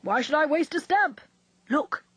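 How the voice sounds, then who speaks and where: A woman reading aloud, voicing a gruff, absent-minded old male professor who blusters and grumbles. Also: high-pitched, expressive, unhurried, fairly bright tone, no echo, pitched above the performer's own voice. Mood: brusque.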